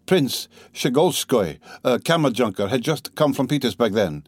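A man's voice: medium pitch, animated, moderate pace, no room sound, natural voice. A man voicing a proud, distraught consumptive mother who talks fretfully and breathlessly. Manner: breathless, fretful and rambling, broken by coughs.

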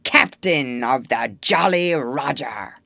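A woman's voice: lively intonation, takes it slowly, creaky, no room sound, clean studio sound, full character voice. A woman doing a cheeky boy faking a pirate. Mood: mocking. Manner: mocking, loud and booming.

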